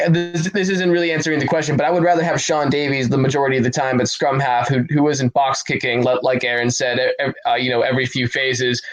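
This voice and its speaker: A man's voice: medium pitch, poor audio. A man co-hosting a casual sports podcast, giving his opinion with hesitant restarts.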